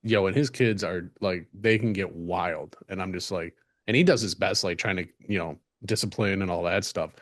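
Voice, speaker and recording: Low-voiced laid-back podcast man. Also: moderate pace, fairly bright tone. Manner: laid-back, profane, agreeable. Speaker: podcast co-host. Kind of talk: casual crude podcast banter.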